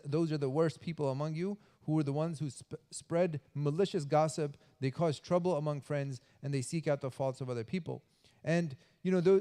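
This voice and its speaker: A man's voice: on the high side, warm tone, in a large hall. A man giving a conversational sermon at a mosque, acting out gossiping voices with a lot of fillers. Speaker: mosque speaker. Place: mosque hall.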